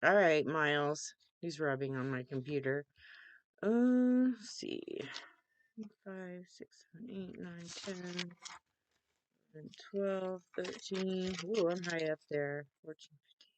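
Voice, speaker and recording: Slow, chatty young woman vlogging. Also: noisy background. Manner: chatty, rambling, laughs easily; baby-talks to her cat in a high voice. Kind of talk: off-the-cuff casual vlog. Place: at home with her computer.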